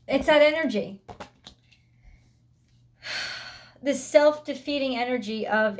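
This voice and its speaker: A woman's voice: high-pitched, slow pace, long pauses. A woman giving a weekly tarot reading, speaking bluntly and emphatically, swearing freely and voicing the listener's thoughts. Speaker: tarot reader.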